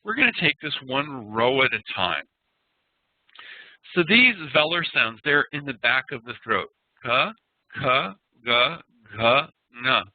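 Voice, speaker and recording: A man teaching an online class, speaking slowly and patiently and demonstrating sounds aloud. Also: medium pitch, very animated, no echo. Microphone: computer mic on a video call. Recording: dry, tinny web-call audio.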